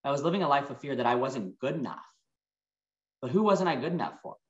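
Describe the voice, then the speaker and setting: A man's voice: medium pitch, expressive, reverberant, highs cut off. A man, giving an earnest, emotional motivational talk and telling personal stories. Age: 40s. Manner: earnest and emotional, storytelling with reflective pauses. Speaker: motivational speaker.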